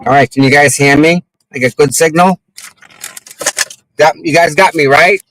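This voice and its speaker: A man hosts a casual driving livestream, rambling and grousing at other drivers. His voice is fairly high and fairly bright, his pace moderate, and the low-quality recording carries slight background noise.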